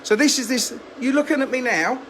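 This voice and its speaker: A fishery owner live streams from a phone held in his hand, chatting briskly in a rambling, self-mocking way. His voice is high for a man, and a faint hum of noise runs behind him.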